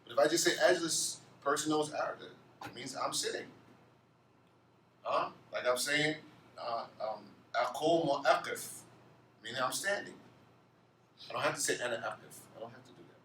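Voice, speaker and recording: A man's voice: medium pitch, normal speed, long pauses, fairly bright tone, recorded from a distance, slight background noise. A man teaching an Arabic grammar class, asking his students questions and answering them himself. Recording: echoey room, off-mic, faint ambience.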